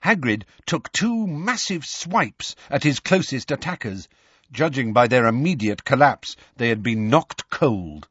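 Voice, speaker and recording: A man narrating an audiobook in a measured, expressive reading voice. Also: mid-range voice, slightly rough, no echo. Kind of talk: scripted narration. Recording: dull, slightly lo-fi studio recording.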